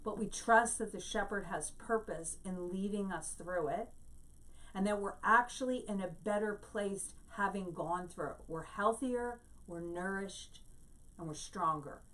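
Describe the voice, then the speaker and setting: A woman giving a Bible teaching, explaining Hebrew words slowly and telling a story to make her point. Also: mid-range voice, a bit bright, far from the mic.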